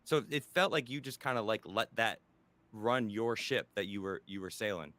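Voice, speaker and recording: A male interviewer with a bright, tense voice recorded dry and close. He presses his guest with casual, conversational questions and swears freely. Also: lowish voice, expressive, normal speed, no room sound.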